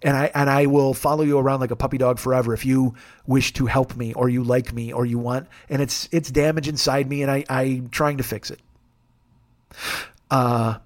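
A man's voice: medium pitch, level tone, normal speed. A middle-aged man talking in a candid, profane, self-deprecating way, rambling and restarting as he hosts a confessional podcast monologue. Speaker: podcast host.

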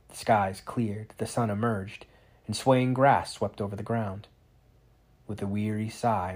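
A man narrating a fantasy storybook aloud in a dramatic, expressive reading. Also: on the low side, slightly rough.

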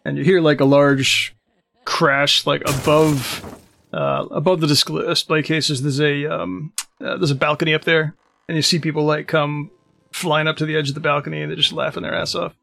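A man narrating as game master of a tabletop game, with halting, filler-heavy speech. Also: on the high side, flat delivery, creaky, fairly bright tone, no echo, faint music behind.

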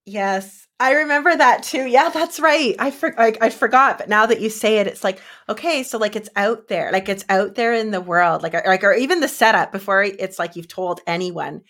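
A woman's voice: mid-range voice, moderate pace, hardly any pauses, a bit bright. A woman hosting a podcast interview, encouraging her guest in a casual chatty way full of fillers. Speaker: podcast host and coach.

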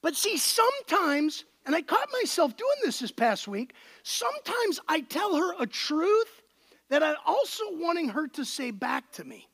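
A young-sounding pastor preaches in a relaxed, conversational way, addressing the congregation as if they were friends. His voice sits high and a bit bright, unhurried, with big, wide swings in pitch.

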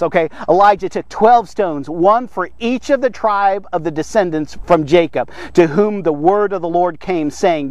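A man preaching a Bible story on a devotional podcast, excitable and animated, constantly checking in with "okay?". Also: high-pitched, normal speed, hardly any pauses, no room sound.

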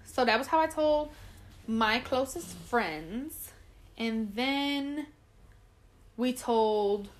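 A young woman chatting casually, telling a story with lots of laughter, cursing and high-pitched quoted voices. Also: animated, drawn-out words, long pauses. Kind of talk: casual chat.

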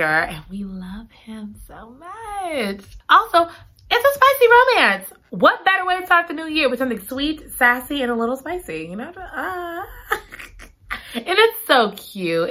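A woman's voice: mid-range voice, sharp tone. A woman reviewing a romance novel in a casual, dramatic and gushing way. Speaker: book reviewer. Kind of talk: casual chat.

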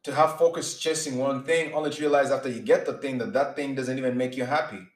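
A man's voice: medium pitch, fairly even intonation, fast talker. A man preaching informally, earnest and emphatic, often restarting his sentences and acting out his examples. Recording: roomy echo.

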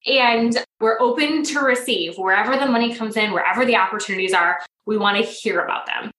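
A woman's voice: fairly high pitch, brisk, reverberant, poor audio. A woman in her thirties, a manifestation coach, chatting as a podcast guest and telling stories with acted-out dialogue. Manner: animated storyteller, acts out quoted dialogue. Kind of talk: casual podcast interview.

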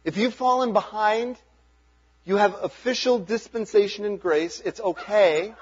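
A man's voice: high-pitched, unhurried, slightly rough, muffled recording. A man preaching a sermon as pastor, talking in an earnest, conversational way and chuckling between points.

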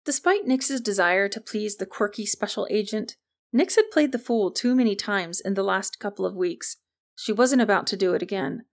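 Woman reading an audiobook, gravelly voice, even storytelling. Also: mid-range voice, normal speed. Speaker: narrator. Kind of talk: audiobook narration.

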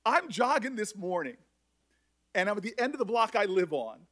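Emotional man with a high voice. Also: very animated, fairly bright tone. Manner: emotional, halting with repeated restarts. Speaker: senator speaking at a hearing. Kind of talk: emotional public address.

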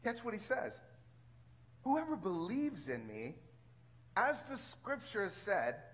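A man preaching a sermon as a pastor, talking in a conversational, animated way with frequent restarts. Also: sits high, slow, pauses often, poor audio.

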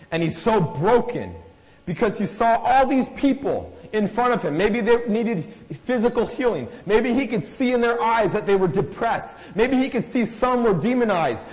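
A man's voice: sits high, long reverb tail, low-quality recording. A man preaching a sermon, earnest and emphatic, telling a personal story and often repeating words as he builds up. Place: church hall.

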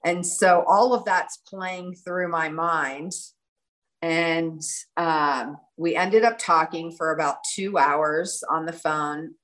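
A middle-aged woman telling an animated story in an interview and acting out the lines of the people in it. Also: sits low, slow pace, rough recording. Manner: animated, breathless storytelling with quoted dialogue. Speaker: guest.

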